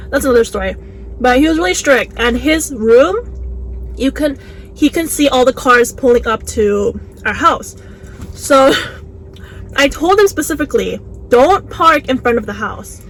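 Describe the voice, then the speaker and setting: A young woman vlogger chatting casually while eating, animated and full of "like"s, recorded on a phone in a car. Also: sits high, a little slow, long pauses, rough recording. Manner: chatty, animated, many "like"s, acts out quotes. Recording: faint background noise, phone recording.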